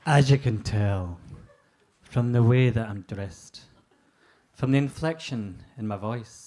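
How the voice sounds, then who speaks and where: A Scottish man comic doing a crude stand-up routine, laying out deadpan setups before his punchlines. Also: medium pitch, slow. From Scotland.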